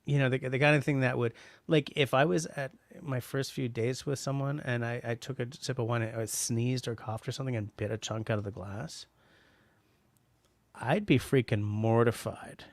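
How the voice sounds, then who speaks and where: A man's voice: medium pitch, fairly even intonation, brisk, no echo. A middle-aged man from Canada hosting a casual livestream, reading out chat messages and rambling with lots of restarts and fillers.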